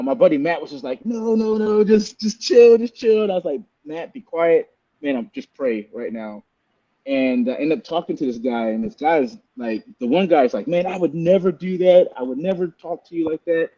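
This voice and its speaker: A man telling his faith story in a casual, animated way, acting out quoted voices with many fillers and restarts. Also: mid-range voice, dull audio. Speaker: podcast guest telling his testimony.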